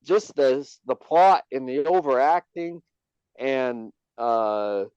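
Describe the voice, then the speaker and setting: A man's voice: mid-range voice, takes it slowly, a little mellow, smooth, no echo, dull audio. A man co-hosting a casual podcast, stammering and repeating words with dry teasing. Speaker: podcast co-host.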